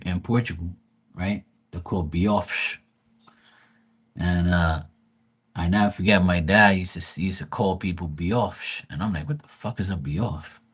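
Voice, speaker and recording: A man's voice: sits low, husky. A middle-aged man hosting a livestream, telling rambling family stories in casual chat, swearing freely and acting out quotes. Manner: profane, rambling, animated quoting of family. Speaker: livestream host.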